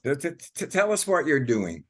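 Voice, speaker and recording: A man hosting an interview show, speaking in a halting way with some stumbles. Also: a little high, very animated. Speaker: show host. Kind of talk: casual interview.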